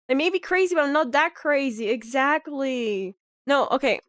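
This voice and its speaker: A woman's voice: high-pitched, a little slow, no echo, studio quality. A woman streaming a game in casual, rambling chat, sounding sick and nasal from a clogged nose. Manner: rambling, animated, heavy on "like" fillers.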